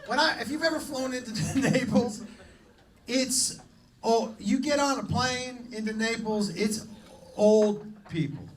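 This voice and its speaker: A man doing live stand-up on a comedy club stage, telling a story in an animated, profane way. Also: very high-pitched, a little slow, distant mic, poor audio. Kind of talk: live stand-up crowd work.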